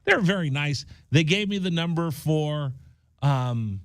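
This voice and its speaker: A man's voice: fairly high pitch, unhurried, dry recording, studio quality. A man hosting a radio show, chatting casually and acting out the people in his story. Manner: animated, acts out voices in his story. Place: radio studio.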